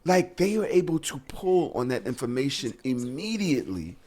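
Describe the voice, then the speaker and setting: A man's voice: medium pitch, big pitch swings, normal speed, mellow. A young man co-hosting a casual podcast, telling stories animatedly, acting out what partners say and laughing often. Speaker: podcast co-host.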